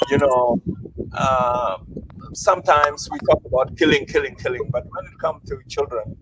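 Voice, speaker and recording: A man hosting an online interview, speaking in an earnest, reflective and measured way. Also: medium pitch, background noise. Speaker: host.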